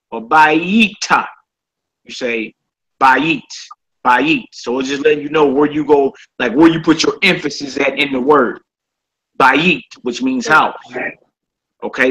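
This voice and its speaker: A man's voice: on the high side, a bit bright, breathy edge, rough recording. A man teaching a casual Hebrew vocabulary class. He often checks in with "all right?" and repeats each word.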